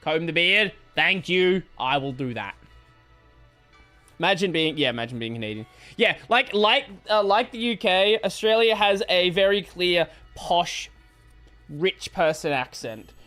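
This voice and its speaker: This is a streamer talking off the cuff with a high, very expressive voice that rises and falls a lot. He restarts his sentences as he works things out aloud, and he has a bright, forward tone. Soft game music plays underneath. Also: unhurried. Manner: rambling, restarts while thinking aloud. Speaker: gaming streamer. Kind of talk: casual live-stream chat.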